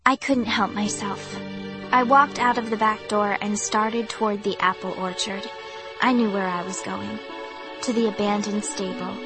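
A woman reading a spooky first-person story aloud in a measured, suspenseful way, with music behind her. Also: mid-range voice, steady tone. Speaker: audiobook narrator. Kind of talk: first-person audiobook narration.

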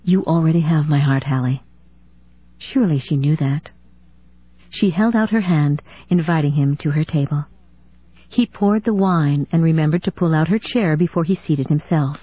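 A woman narrating a romance audiobook in a steady, even storytelling manner with a husky voice. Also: low voice, moderate pace. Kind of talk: scripted narration. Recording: dry tinny phone-like sound.

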